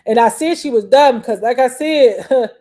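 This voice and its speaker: A woman's voice: fairly high pitch, brisk, warm tone. A young adult woman hosting a talk show, ranting in a profane, combative, rambling way with frequent restarts. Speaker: podcast host. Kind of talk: casual rant monologue.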